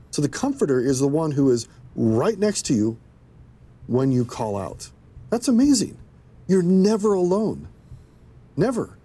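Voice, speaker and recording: A man's voice: on the high side, dark tone, husky. A man teaching scripture in an earnest, explanatory discussion.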